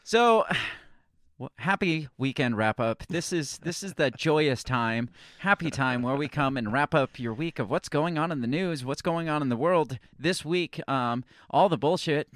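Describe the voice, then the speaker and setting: A man's voice: fairly high pitch, expressive, measured pace, a bit bright, no room sound. Casting: male podcast co-host, grumpy and sarcastic, swears a lot, dry close sound. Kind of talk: casual chat. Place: basement studio.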